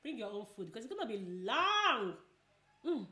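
A woman's voice: on the high side, sing-song, normal speed, sharp tone, reverberant. A woman chatting casually while eating, giving advice and repeating herself a lot. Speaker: vlogger.

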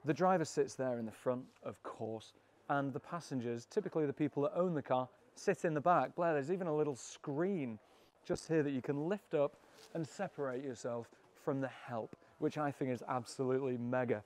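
A man's voice: mid-range voice, moderate pace, darkish tone. A British man presenting a walkaround of a classic car auction, enthusiastic, cheeky and full of jokes. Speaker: car vlogger.

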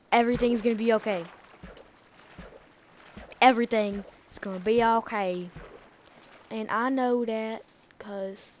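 Chatty higher-voiced woman gaming. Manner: rambling, excitable self-talk to the game. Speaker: let's play gamer. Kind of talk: casual gameplay commentary.

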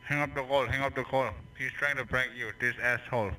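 A man's voice: medium pitch, level tone, fairly quick, pushed and bright. A man working a scam call center, who flips from scripted politeness to hurling crude insults. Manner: abusive, hurls insults and swearing. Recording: distant phone line with background hum.

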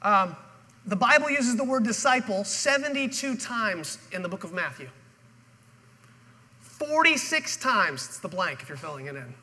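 Man, pastor, dramatic sermon, acts out the story, sharp bright tone, long church reverb. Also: sits high, animated, fairly quick, breathy edge. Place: church auditorium.

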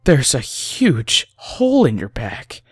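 A man voicing a panicked, badly hurt young woman who shouts and pleads in a horror story reading. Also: mid-range voice, wildly swooping pitch, slow pace, slightly rough, dry recording, clean studio sound, soft background music, full character voice. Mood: horrified.

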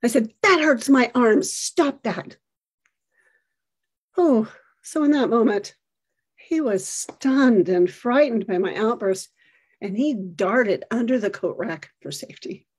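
A middle-aged woman telling a personal story in a reflective, measured way. Her voice is warm and soft, a little breathy, set fairly high. She describes each moment with care. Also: animated.

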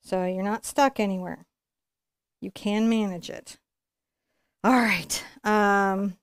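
A woman's voice: mid-range voice, fairly even intonation, slow pace, pauses often, no room sound, clean studio sound. A woman giving a live painting tutorial, chatting and encouraging as she works and thinking aloud. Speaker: painting instructor.

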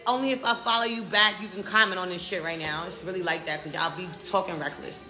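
A woman's voice: fairly low pitch, steady tone, quick pace, echoey room. An American woman ranting defiantly in a casual live video, brash and profane. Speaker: social media personality.

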